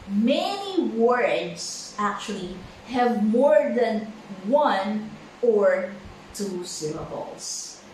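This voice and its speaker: Slow woman teacher in an echoey room. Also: medium pitch, distant mic, slight background noise. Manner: slow, halting, many fillers and repeated words. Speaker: English pronunciation teacher. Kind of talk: slow classroom lesson.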